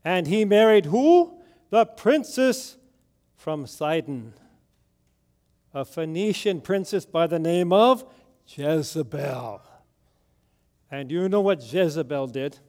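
A male preacher delivering a sermon in a notably high voice. He speaks slowly, letting each phrase land as he tells the story with drama. He keeps turning rhetorical questions back to his listeners. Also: lively intonation, darkish tone.

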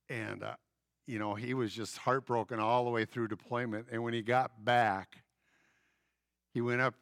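Bright-voiced male pastor telling stories. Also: fairly low pitch, no echo, studio quality. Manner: lively storytelling, acting out quoted voices. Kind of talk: sermon.

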